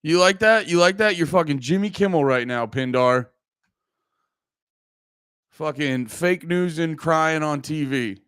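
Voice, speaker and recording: Brash swearing streamer guy, crisp dry voice. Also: a little high, unhurried, long pauses, fairly bright tone, no room sound. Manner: brash, teasing, swears a lot. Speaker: livestreamer. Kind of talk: casual livestream chat. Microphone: close desk mic.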